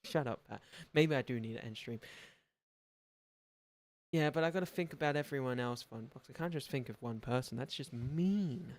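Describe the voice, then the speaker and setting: A young man signing off his gaming livestream, rambling and self-deprecating, often trailing off into quieter mumbles. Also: medium pitch, moderate pace. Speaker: gaming streamer. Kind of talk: casual livestream sign-off chat.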